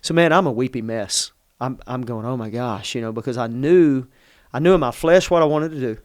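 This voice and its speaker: A man's voice: medium pitch, fairly quick, a little mellow, no echo. Man, middle-aged pastor, earnest storytelling, dry close sound. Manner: earnest, emotional, self-interrupting. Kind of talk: conversational personal storytelling.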